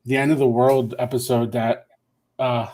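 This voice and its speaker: A man's voice: medium pitch, flat delivery, normal speed, a little mellow. A man reminiscing in rambling casual chat as a podcast guest.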